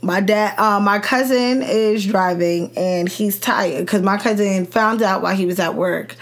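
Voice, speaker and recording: A woman's voice: mid-range voice, measured pace. A woman, a podcast guest, telling a personal story in casual chat and acting out the lines of the people in it. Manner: animated retelling, acts out quoted dialogue.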